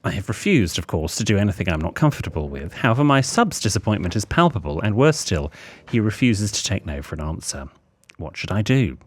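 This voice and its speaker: Male comic podcast co-host, lowish voice, animated and theatrical when reading letters.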